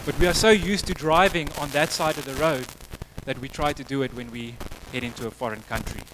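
A man's voice: mid-range voice, fairly quick, a bit bright, a little hiss or hum, poor audio. A man preaching a sermon, telling a story in a conversational way before moving to prayer. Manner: storytelling, conversational with acted quotes.

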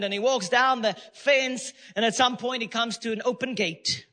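A man's voice: very high-pitched, moderate pace, sharp tone, in a large hall. A man preaching a sermon as pastor, emphatic and repeating phrases for stress.

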